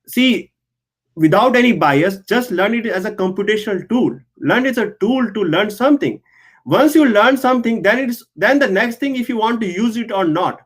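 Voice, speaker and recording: High-voiced man explaining earnestly. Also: expressive, normal speed. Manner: earnest, keeps checking in with "right?". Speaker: guest, engineer and researcher. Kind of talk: explanatory conversation.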